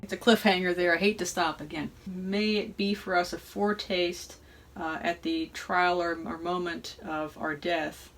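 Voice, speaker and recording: A woman's voice: fairly low pitch, fairly even intonation, moderate pace, low-quality recording. A woman hosting an informal music analysis lesson, reflective and thinking aloud, often checking in with "right?". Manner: reflective, explains with frequent "right?" and hesitations. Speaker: music educator and host. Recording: voice over loud playing music. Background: loud choral and organ music playing underneath.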